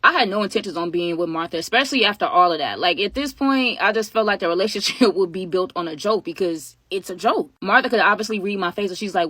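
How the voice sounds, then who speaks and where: Fast-talking woman telling a story. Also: medium pitch, no room sound. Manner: animated, quotes others in her own voice. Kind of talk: casual storytime.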